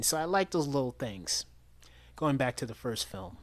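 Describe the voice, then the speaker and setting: Man, casual movie reviewer, chatty and enthusiastic, mid-pitched, dry close sound. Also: animated, normal speed, a little mellow, no room sound. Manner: chatty, enthusiastic, with frequent restarts and quoted lines. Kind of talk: casual spoken film review.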